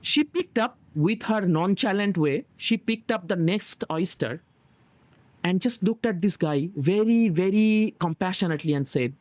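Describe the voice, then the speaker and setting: A man hosting an online wellness session, telling stories in an earnest, animated way with frequent restarts, on a video call. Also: sits high, a little slow, no room sound. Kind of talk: storytelling talk on a video call.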